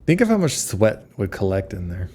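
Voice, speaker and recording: A man's voice: fairly low pitch, wildly swooping pitch, moderate pace, darkish tone, breathy edge. A man co-hosting a podcast, joking and riffing in casual chat over a remote call. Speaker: podcast co-host.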